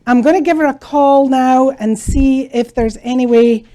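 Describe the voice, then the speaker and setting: A woman's voice: sits high, moderate pace, warm tone. A woman with a Scottish accent, joking her way through an office team meeting. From Scotland. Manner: playful, joking. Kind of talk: casual office meeting chat.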